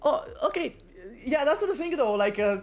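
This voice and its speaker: A woman streamer with an Italian accent talks casually and jokingly with her viewers. Her voice sits fairly high and swings widely in pitch, which keeps her chat lively and playful. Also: moderate pace. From Italy.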